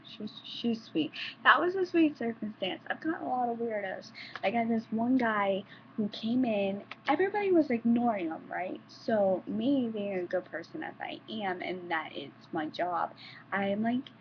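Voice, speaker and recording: A woman's voice: a little high, expressive, normal speed, slight background noise. A young woman vlogger telling stories in a rambling, casual way, with restarts and some swearing, in a dull lo-fi home recording. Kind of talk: casual storytelling.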